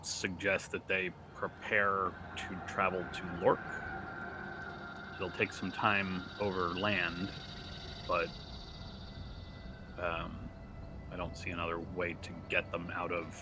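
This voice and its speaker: A man with a very low, deep voice talks through a tabletop game in a casual, halting way. He often repeats words as he thinks. Clear background noise runs under him. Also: completely flat delivery. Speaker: player. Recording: noisy background.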